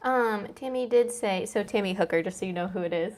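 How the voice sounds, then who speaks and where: A woman's voice: medium pitch, fairly quick, darkish tone. A young woman co-hosting a live stream, reading out viewer messages and asking simple questions. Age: young adult. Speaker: co-host reading chat comments. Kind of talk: casual chat.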